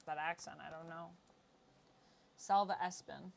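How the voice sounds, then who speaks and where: A woman hosting a casual chat, chatty and excitable, laughing easily. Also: mid-range voice, moderate pace, slight background noise. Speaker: host.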